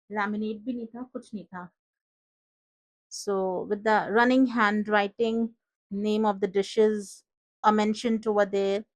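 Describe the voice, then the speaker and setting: A woman's voice: mid-range voice, poor audio. A woman with an Indian accent casually improvising a story and mixing in Hindi phrases.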